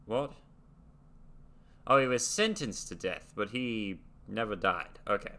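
A man's voice: fairly low pitch, expressive, unhurried, long pauses, sharp tone. A young American man casually reading facts aloud and musing, hosting a reaction video. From United States. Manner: reads facts aloud, muses and trails off.

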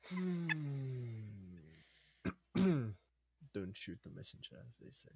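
A tabletop player who speaks in a measured, wry way. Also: mid-range voice, sing-song, warm tone, slightly rough. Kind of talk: casual tabletop play.

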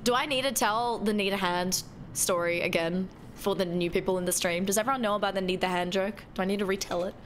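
A woman's voice: medium pitch, steady tone, fast talker, a little hiss or hum. A woman chatting playfully with her viewers while streaming a game. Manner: playful, chatty, talking to chat. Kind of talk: casual live-stream chat.

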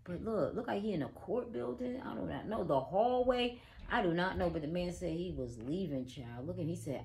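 A woman with a low voice runs a casual tarot reading. She is blunt and profane and keeps addressing the listener directly. A faint background noise sits under the recording. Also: lively intonation, moderate pace, vocal fry, warm tone. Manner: blunt, profane, emphatic, talks to viewer as "girl". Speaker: tarot reader.

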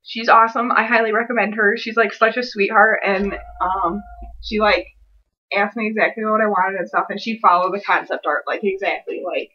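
A woman's voice: mid-range voice, fairly even intonation, moderate pace, dull audio. A young woman vlogging an unboxing at home, gushing and giddy, with lots of filler words. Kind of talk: excited unboxing vlog.

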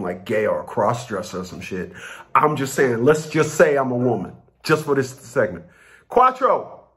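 A man ranting to his viewers in a blunt, profane, storytelling way, sharing his experiences in custody court. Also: medium pitch. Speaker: vlogger giving custody advice. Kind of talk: casual rant to camera.

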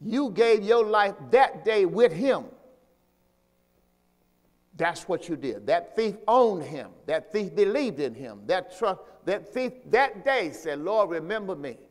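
A man with a high, lifted voice leads a church sermon, pressing his points through repetition and emphasis. He calls the congregation to repeat phrases after him. His voice rings out with a long hall reverb around it. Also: animated, slow. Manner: call-and-response preaching, asks congregation to repeat; repetitive, emphatic teaching delivery. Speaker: pastor.

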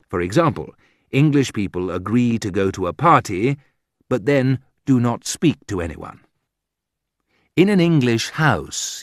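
A man narrates a humorous book in a low voice that swings widely in pitch, leaning into the wry jokes. He takes his time over every line. The recording is close and dry, with no room sound. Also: no room sound. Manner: wry, slow, deliberate storytelling that jumps high for quoted remarks. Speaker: audiobook narrator. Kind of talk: scripted reading of a graded reader.

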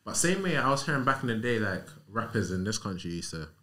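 A man's voice: fairly low pitch, big pitch swings, fast talker, bright, forceful tone. A man hosting a casual interview, asking easygoing questions and dropping slang fillers.

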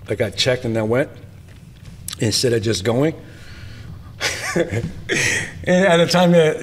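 Man, martial arts teacher, interview guest; emphatic storyteller, mid-range voice, repeats phrases for punch, casual with the odd curse. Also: mid-range voice. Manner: emphatic, tags points with "right?"; repetitive rhetorical lists.

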